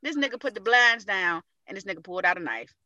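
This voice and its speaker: A woman's voice: medium pitch, lively intonation, fast talker, bright, forceful tone, no echo, muffled recording. A woman co-hosting a casual podcast, retelling a funny video with lots of profanity and laughter. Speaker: podcast co-host. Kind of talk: casual chat, storytelling.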